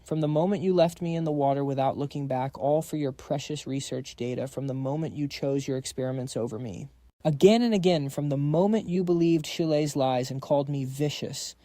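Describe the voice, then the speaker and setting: A man's voice: fairly high pitch, dark tone, dry recording, close to an everyday voice. A man voicing a proud woman scientist who pleads with her ex-husband in an earnest manner.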